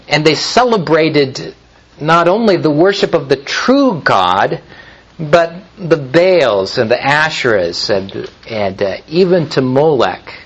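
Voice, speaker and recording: A man preaching a sermon in a measured way, with frequent pauses and restarts. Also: a little high, a bit bright, breathy edge, lo-fi sound. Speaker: pastor.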